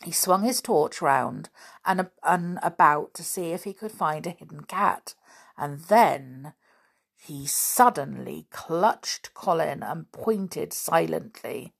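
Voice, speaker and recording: A woman reading a children's adventure book aloud in a measured storytelling manner. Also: deep voice, animated, gravelly, husky. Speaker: reader.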